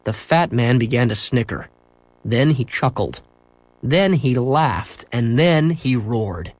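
A man reading a children's book aloud, expressive and acting out the sound effects. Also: medium pitch, slow, no room sound. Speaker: storyteller.

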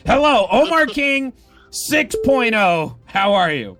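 A man hosting a morning radio call-in show, running it with brisk, playful banter. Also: very high-pitched, big pitch swings, music in the background. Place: radio studio.

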